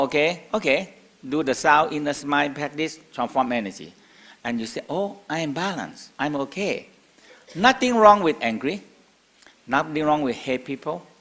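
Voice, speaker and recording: A man's voice: medium pitch, fairly bright tone. An older man teaching a class in simple, broken English, asking the room rhetorical questions and chuckling between points. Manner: non-native English, broken grammar, chuckles often, asks rhetorical questions. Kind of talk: spoken lecture to a class.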